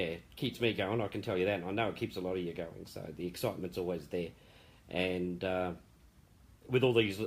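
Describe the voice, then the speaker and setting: The founder of an online group gives a casual live-stream update, chatting and rambling as he warmly praises the members. His voice is low.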